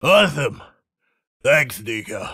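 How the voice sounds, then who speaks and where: A man's voice: medium pitch, sing-song, slow pace, gravelly, bright, forceful tone, husky, dry recording, studio quality, full character voice. A man voicing a polite, slightly bossy cinema manager in a game, with a congested, nasal voice.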